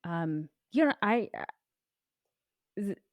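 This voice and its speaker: Reflective woman, halting, dry sound. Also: lowish voice, animated, no echo. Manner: reflective, halting, many fillers. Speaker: podcast co-host. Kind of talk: candid casual conversation.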